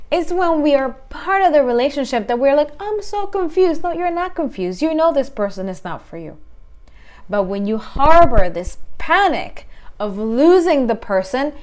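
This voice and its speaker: Blunt emphatic woman coach. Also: on the high side. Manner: blunt and emphatic, acts out quoted voices. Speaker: relationship coach. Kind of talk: direct-to-camera advice talk.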